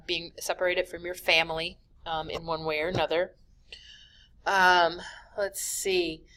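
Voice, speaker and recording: Woman, slightly low voice, history teacher, recorded slide lecture, casual, lots of fillers, fixes her own slips. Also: fairly bright tone. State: yawning, sleepy.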